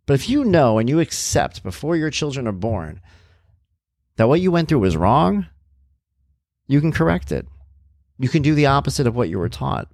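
A man's voice: mid-range voice, very animated, normal speed, long pauses, a little mellow, no echo, studio quality. A middle-aged man earnestly telling his own life story as a parent, candid and reflective. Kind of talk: personal storytelling.

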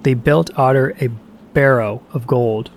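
A man reading a myth aloud as a storyteller, measured and even, lowering his voice slightly for the characters' quoted lines. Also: slight background noise. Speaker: narrator. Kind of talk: storybook narration of myths.

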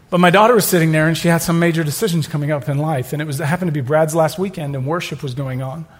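Delivering a sermon in a slightly rough voice on the high side, a middle-aged pastor tells stories, slips in jokes, and works up to loud outbursts.

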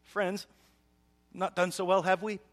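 A man's voice: high voice, level tone, unhurried, fairly bright tone, long reverb tail, pitched above the performer's own voice. A preacher doing a teasing mock-British man. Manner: playful, needling.

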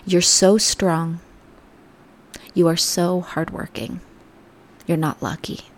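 A woman hosting a podcast, giving an earnest, reflective motivational talk that sometimes drops to soft near-whispers. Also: lowish voice, fairly even intonation, slow, slight background noise. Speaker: podcast host. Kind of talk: motivational self-help talk.

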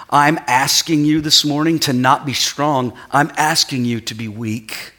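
This middle-aged pastor's voice is a little high and steady, slightly slow, with hardly any pauses. His church sermon moves from stories full of acted-out quotes into quieter, heartfelt preaching.

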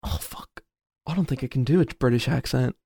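A man co-hosting a podcast in casual chat, excitable and profane and laughing often. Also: medium pitch, brisk, gravelly, husky, no room sound, studio quality. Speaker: podcast co-host.

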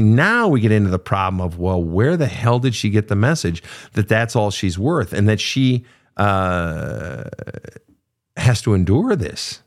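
A middle-aged man hosting a podcast, giving blunt, profane advice to listener questions in a casual monologue. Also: mid-range voice. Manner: blunt, profane, animated storytelling.

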